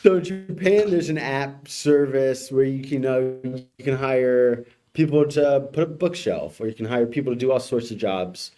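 Male co-host, average pitch, wry and matter-of-fact, casual headline chat. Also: normal speed, few pauses, mellow. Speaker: radio co-host presenting headlines. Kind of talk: casual radio talk.

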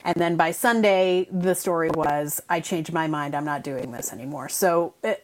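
Lower-voiced woman explaining entertainment news. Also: normal speed. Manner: explanatory, detailed, with frequent restarts. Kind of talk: casual radio commentary.

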